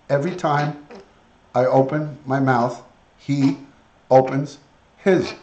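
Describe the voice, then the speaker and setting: A man's voice: medium pitch, steady tone, takes it slowly, long pauses, a little mellow, echoey room, muffled recording. A man hosting a casual live stream, chatting with viewers and coaxing his parrot to talk.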